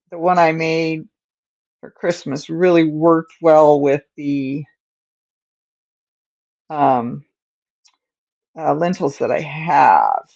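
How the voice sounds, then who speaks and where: A woman's voice: low voice, gravelly, darkish tone, lo-fi sound. A woman hosting a casual crochet livestream from home, chatting and answering viewer comments, with a stuffed-up nose. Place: at home in front of a camera.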